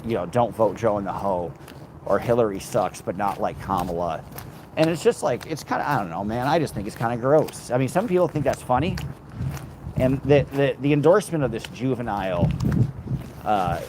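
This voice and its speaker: A rambling, sarcastic man chats to his live stream on a handheld phone as he walks down a city street. He swears freely and drifts between points. Steady traffic noise runs behind his voice. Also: medium pitch, normal speed. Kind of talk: casual live stream chat. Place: outdoors on a city street, walking.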